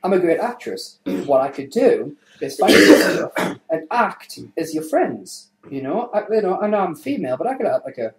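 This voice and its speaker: A man's voice: fairly high pitch, very animated, normal speed, voice pushed up. A man voicing an eager female actress stranded on an island, pleading to play a friend. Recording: roomy echo.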